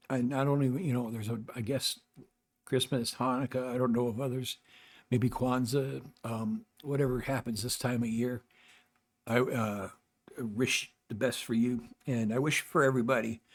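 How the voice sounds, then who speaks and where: Older male vlog host, halting, rambling delivery, ordinary mid-range voice. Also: medium pitch. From North America. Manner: rambling, halting, with many restarts and fillers. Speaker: channel host. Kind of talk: casual talk to camera.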